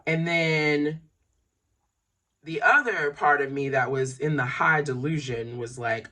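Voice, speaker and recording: A vlogger rambling in a casual monologue, drifting between low mumbles and loud laughing outbursts. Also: slow pace.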